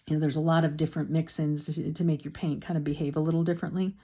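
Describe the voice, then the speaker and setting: A woman's voice: sits low, level tone, quick pace, warm tone, breathy edge. A woman painting instructor talks casually through a step-by-step demonstration, with chatty, self-deprecating asides and a slightly sore throat.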